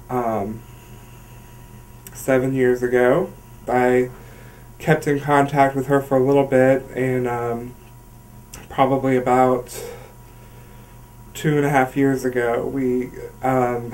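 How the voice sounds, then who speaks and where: A young man with a Southern US accent speaks in an audition, unhurried and halting. His pitch sits in the middle and barely moves. He fills the gaps with soft "um"s. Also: poor audio. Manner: slow, halting, many "um"s. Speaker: reality show applicant. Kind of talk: personal audition story.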